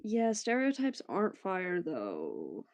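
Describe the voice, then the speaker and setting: A woman talks casually to her livestream chat at an unhurried pace. She rambles and breaks into laughs between replies. Her voice sounds dry and close. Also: fairly low pitch, huge pitch swings, a little mellow, no room sound, lo-fi sound.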